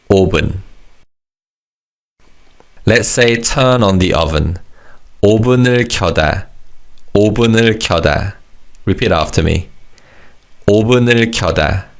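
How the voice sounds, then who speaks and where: A man teaching a recorded language lesson, encouraging and modeling words slowly for learners to repeat. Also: fairly low pitch.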